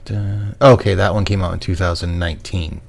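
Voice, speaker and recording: A man's voice: deep voice, steady tone, brisk, vocal fry, darkish tone. A man hosting a casual movie chat, blunt and swearing freely. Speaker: podcast host.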